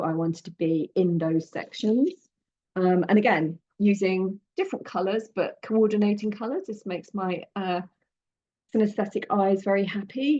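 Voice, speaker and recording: A woman guiding a creative journaling workshop in a gentle, encouraging, loosely conversational way. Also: lowish voice, highs cut off. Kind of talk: guided creative workshop talk.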